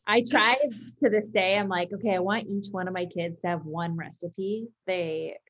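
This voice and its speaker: A woman cookbook author telling lively family stories over a video call, full of casual fillers. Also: fairly low pitch, moderate pace. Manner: lively storytelling, many fillers like "like". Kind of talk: casual conversation.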